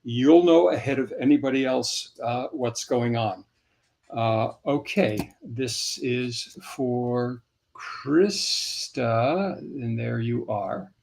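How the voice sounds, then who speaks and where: A man's voice: medium pitch, takes it slowly, creaky, darkish tone, slight background noise. An older man, a comic creator, chatting casually on a livestream, rambling and spelling names aloud as he signs items for fans.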